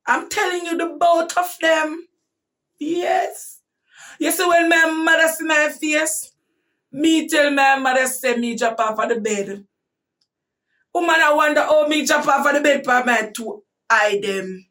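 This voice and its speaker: A woman with a Jamaican accent telling a personal story in casual talk, animated and breaking into shouts at tense moments. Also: a little high, unhurried, distant mic.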